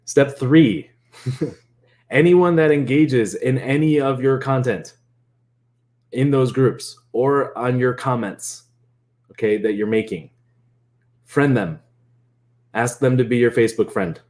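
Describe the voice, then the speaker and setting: A man coaching on marketing in a casual, animated way, laughing often and acting out quoted chats. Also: medium pitch, slow, long pauses. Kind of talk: casual explainer.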